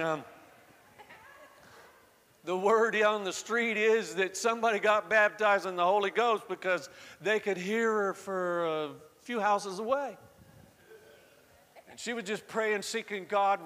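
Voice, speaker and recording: A pastor from the American South, speaking with a slight Southern accent, preaches a sermon in a conversational, storytelling way that builds to fervent emphasis. His voice sits high with a fairly bright tone, and a long reverb tail trails after it.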